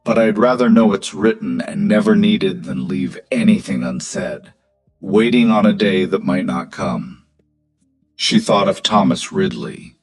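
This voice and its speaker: A man narrates a scripted story with a low voice in a measured, steady rhythm. Faint music plays beneath the reading. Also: low-quality recording.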